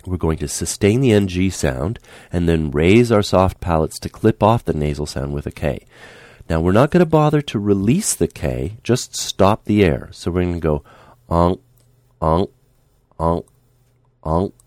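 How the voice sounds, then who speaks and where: Man, speech teacher, very low pitch, patient, demonstrates sounds, dry close recording. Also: sing-song, moderate pace, a little mellow, dry recording. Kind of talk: instructional speech lesson.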